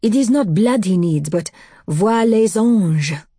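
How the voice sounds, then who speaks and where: A woman's voice: mid-range voice, expressive, slow, dark tone, husky, no room sound, studio quality, voice pushed up. A woman voicing a distressed male vampire, pleading urgently in an audiobook.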